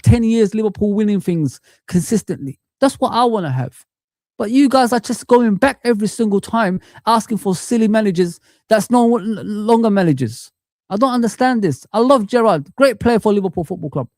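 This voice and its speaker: Ranting football fan streamer, dry mic. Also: male voice, high-pitched, a little mellow, dry recording. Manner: frustrated, ranting, calls viewers guys and man. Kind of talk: live-stream rant.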